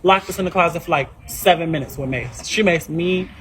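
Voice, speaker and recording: A man's voice: a little high, brisk, a crowd in the background. Matter-of-fact man telling a story. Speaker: podcast guest. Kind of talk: casual storytelling chat.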